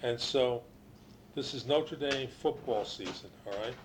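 Older man, storyteller, rambling anecdotes, mid-pitched voice, faint background hum. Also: a little slow. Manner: rambling, animated anecdotes with restarts and quoted voices. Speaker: former ballplayer telling stories. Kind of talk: casual storytelling interview.

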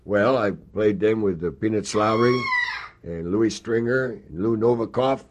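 A man's voice: lowish voice, a little slow, muffled recording, a little hiss or hum. An older man telling rambling, folksy stories in an oral history interview. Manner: rambling storyteller, folksy, many fillers. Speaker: interviewee, former ballplayer.

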